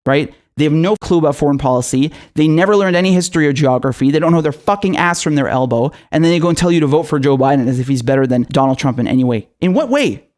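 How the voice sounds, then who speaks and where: A man's voice: a little high, fast talker, few pauses, darkish tone. A man giving an angry, profane political rant to camera, sarcastic and repeating himself for emphasis. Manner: mocking mimicry in asides. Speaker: political commentator.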